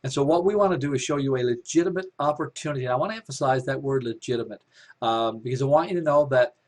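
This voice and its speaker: A man's voice: mid-range voice, quick pace. Man presenting a business opportunity on a webinar, upbeat and salesy, full of fillers and restarts. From Canada. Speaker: company developer presenting a webinar.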